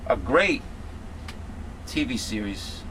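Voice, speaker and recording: Indignant, rambling talk radio host. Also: male voice, mid-range voice, big pitch swings, takes it slowly, sharp tone, slight background noise. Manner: rambling, indignant, with many fillers. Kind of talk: casual political talk radio chat.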